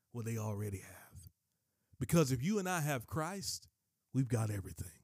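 In a dry, studio-quality recording, a man with a medium-pitched voice preaches a sermon. His delivery is emphatic, and he often repeats and restarts his phrases as he teaches.

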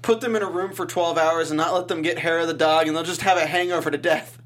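A man's voice: a little high, fairly even intonation, fast talker, fairly bright tone. A man co-hosting a TV after-show, chatting casually and joking while recapping an episode.

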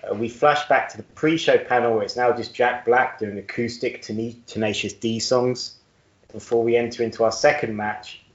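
A man co-hosting a podcast in casual chat, joking and laughing at his own jokes. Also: medium pitch. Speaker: podcast co-host. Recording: roomy, dull-sounding audio.

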